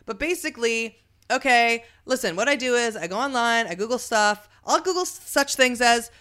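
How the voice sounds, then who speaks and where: A woman's voice: a little high, expressive, moderate pace, a bit bright. A woman co-hosting a comedy podcast, explaining the news in a rambling, giggly way and often losing her train of thought. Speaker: podcast co-host. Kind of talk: casual comedic chat.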